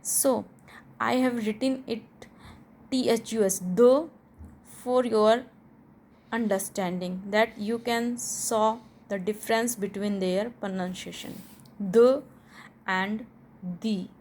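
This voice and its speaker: A young woman teaching English pronunciation, slowly and deliberately explaining a rule and repeating the example words. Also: fairly high pitch, fairly even intonation, a little mellow.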